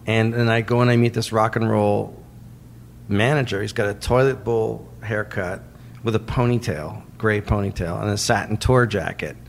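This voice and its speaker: Gravelly man telling lively stories. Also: on the low side, moderate pace, a little hiss or hum. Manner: animated storyteller, acts out quotes. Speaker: guest. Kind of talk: interview storytelling.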